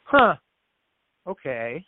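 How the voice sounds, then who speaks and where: A man's voice: fairly high pitch, big pitch swings, drawn-out words, dry recording. Earnest man telling a story over a tinny line. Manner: earnest storyteller who acts out quoted dialogue; frequent restarts and repeated words. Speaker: podcast guest, business founder. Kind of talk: storytelling in an interview. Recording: tinny phone-like dry line.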